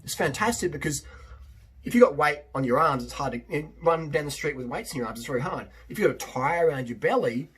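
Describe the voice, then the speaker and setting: A man's voice: on the high side, expressive, quick pace, fairly bright tone, slightly rough. A man, a fitness coach, talking in a casual, rambling monologue, emphatic and prone to repeating himself.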